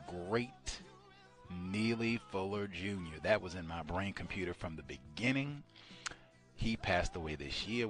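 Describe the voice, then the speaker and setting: Male host, low voice, lively animated delivery, emphatic rhetorical questions, faint music behind. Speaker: radio show host. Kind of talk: study session talk.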